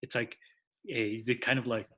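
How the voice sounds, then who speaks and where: A man in casual podcast chat, rambling with lots of fillers and restarts, voice a bit husky. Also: mid-range voice, little pitch movement, normal speed, muffled recording.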